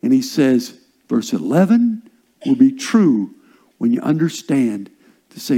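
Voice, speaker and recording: An older man preaching a sermon as a pastor, swinging from loud, stressed phrases down to hushed whispers. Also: mid-range voice, sing-song, measured pace, long pauses, slightly rough.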